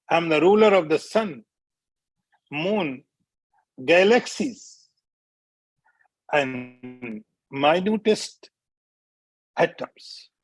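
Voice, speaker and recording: A man teaching scripture as a swami, speaking deliberately, repeating key phrases and chanting short verses. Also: fairly high pitch, no echo. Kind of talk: spiritual lecture.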